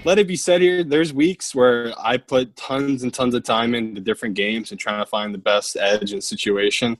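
A man's voice: medium pitch, fairly even intonation, moderate pace, dry recording. A man with a Philadelphia accent co-hosting a sports betting chat, confident and teasing. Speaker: podcast co-host.

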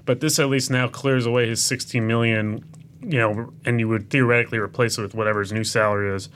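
A man's voice: medium pitch, steady tone, quick pace, a bit bright, slight background noise. A man on a casual sports podcast, talking through trade details at length with plenty of fillers.

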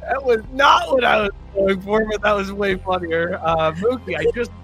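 A man hosting a sports podcast in a high, bright voice, animated and quick to laugh. He steers the banter along, with faint music behind him. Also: low-quality recording. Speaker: podcast host. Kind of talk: casual sports chat.

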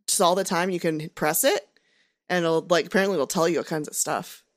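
A woman's voice: fairly low pitch, fairly even intonation, fairly quick. A woman co-hosting a casual podcast, telling stories with lots of laughter and swearing. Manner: giggly storyteller, swears. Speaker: podcast co-host. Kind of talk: casual chat.

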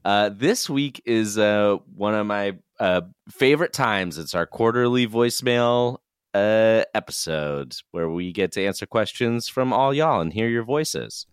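Smooth low-voiced male podcast host. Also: measured pace, no room sound, studio quality. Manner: relaxed, laughs often, uses fillers. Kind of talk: casual podcast chat.

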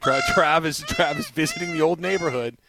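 A man in his forties from the Los Angeles area, co-hosting a casual sports talk show and telling animated stories. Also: on the high side, a little fast, over loud music. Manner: animated storyteller, does loud bird-call impressions. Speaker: sports radio co-host.

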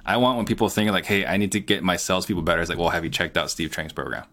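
A man's voice: deep voice, very fast, fairly bright tone. A middle-aged man, a guest on an interview show, talking earnestly and plainly with lots of "you know". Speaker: guest, real estate entrepreneur. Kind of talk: casual interview talk.

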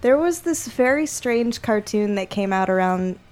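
A woman's voice: mid-range voice, lively intonation, a little slow, a little mellow. A woman co-hosting a video game podcast, chatting casually in a rambling, hedging way and laughing often. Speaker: podcast co-host. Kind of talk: casual chat.

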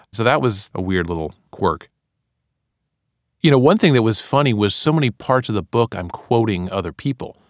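Low-voiced guy chatting about his audiobook, lots of you knows, dry close sound. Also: no echo. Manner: chatty, loose, full of "you know" fillers. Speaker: author; part-time radio analyst. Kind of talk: casual talk about recording his audiobook.

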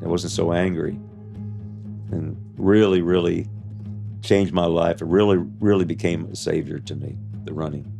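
Man, 70s, interviewee, life story, halting, fillers, very deep, gravelly. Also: steady tone, music in the background. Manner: halting, with frequent restarts and "you know" fillers. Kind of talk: recounting his life story.

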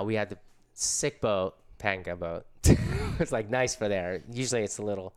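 Man, middle-aged, relaxed slangy surfer talk, lowish voice, smooth resonant tone. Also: unhurried. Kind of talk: casual storytelling.

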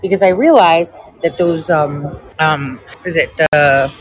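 A woman's voice: low-pitched, a little slow, husky, no echo, poor audio. A woman hosting a casual livestream, talking to viewers in a chatty, rambling way and swearing freely. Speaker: livestream host reading viewer comments.

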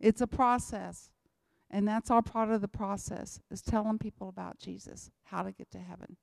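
A woman's voice: mid-range voice, fairly even intonation, normal speed, gravelly, darkish tone, no echo, studio quality. A woman, giving an emphatic church talk about mission work and repeating her key lines. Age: 60s. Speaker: missionary speaker.

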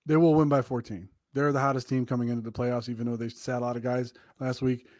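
A man's voice: mid-range voice, flat delivery, quick pace, darkish tone, no room sound, clean studio sound. A man who teaches, co-hosting a casual sports chat in an easygoing way. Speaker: co-host, teacher.

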